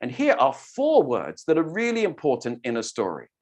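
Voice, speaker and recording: A storytelling teacher leading an online workshop, demonstrating voices and mouth shapes with animated delivery. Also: medium pitch, moderate pace.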